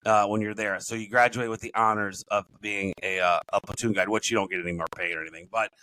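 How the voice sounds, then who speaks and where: A man's voice: on the low side, steady tone, quick pace, pushed and bright, poor audio. A middle-aged man, a podcast guest and business coach, telling his stories in a rambling, self-correcting way. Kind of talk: casual storytelling interview.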